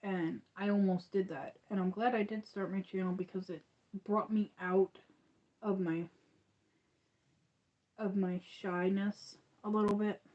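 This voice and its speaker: A woman's voice: medium pitch, fairly even intonation, a little slow, long pauses, muffled recording. A woman hosting a crochet channel, chatting casually on a livestream, rambling and restarting with lots of fillers.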